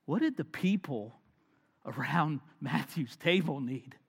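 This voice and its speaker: A man preaching a sermon, swinging from loud emphatic lines down to hushed near-whispers. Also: on the high side, lively intonation, slow pace, vocal fry, breathy edge. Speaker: pastor. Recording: long hall reverb.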